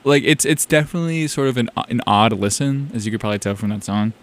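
A man's voice: medium pitch, fast talker. A young man from South Carolina hosting a music show, chatting in a rambling, enthusiastic way about songs he just played. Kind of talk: casual music radio chat.

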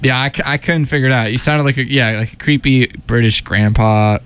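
A man co-hosting a college radio show with casual, teasing and animated banter. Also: mid-range voice, fairly quick, slight background noise.

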